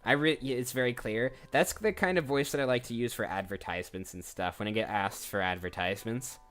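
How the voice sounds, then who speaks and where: A man's voice: medium pitch, a little fast, a bit bright, faint music behind. A man who voices characters, chatting casually on a live stream and thinking aloud as he goes. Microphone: desk microphone.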